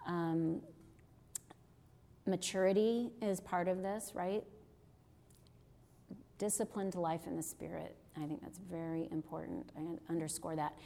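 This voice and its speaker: A woman's voice: fairly low pitch, steady tone, unhurried, vocal fry, long pauses, mellow. A middle-aged woman giving an earnest, conversational sermon-style teaching, often checking in with her listeners. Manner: earnest, conversational, with frequent rhetorical "right?". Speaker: teacher on deliverance ministry.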